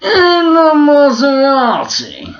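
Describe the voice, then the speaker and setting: A man's voice: very high voice, wildly swooping pitch, takes it slowly, a bit bright, pitched above the performer's own voice, heavily acted. A man doing an impression of a TV car presenter, drawling and hanging on his words. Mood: dramatic drawl. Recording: dull lo-fi recording.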